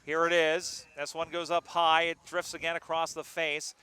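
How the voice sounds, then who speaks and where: Bright, clear-voiced male sports commentator. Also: a little high, normal speed. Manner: jokey, excitable on big plays. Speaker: play-by-play commentator.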